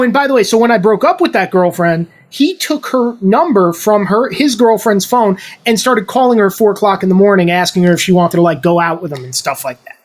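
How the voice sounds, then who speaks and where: A man telling a long story as a podcast co-host, swearing freely and acting out what others said. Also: sits high. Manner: profane, animated, acts out dialogue. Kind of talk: casual storytelling.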